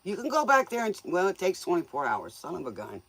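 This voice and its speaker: A woman's voice: lowish voice, huge pitch swings, fairly quick, fairly bright tone, dry recording. Folksy joking woman livestream host. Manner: folksy, joking, laughs often; scolds viewers playfully. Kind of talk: casual livestream chat with viewers.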